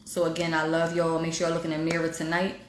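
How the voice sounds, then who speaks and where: Black american vernacular woman on a phone live, lowish voice, echoey room, preachy and direct. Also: monotone, fast, a little hiss or hum. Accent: African American Vernacular English. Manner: direct, preachy and emphatic, talks straight to viewers. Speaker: livestream host giving spiritual motivation. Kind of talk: casual livestream talk. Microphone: phone livestream.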